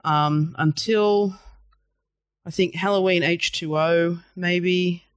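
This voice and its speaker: A man co-hosting a casual film chat, animated and repeating words as he thinks. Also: high voice, takes it slowly, clean tone, dry recording, clean studio sound. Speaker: podcast co-host.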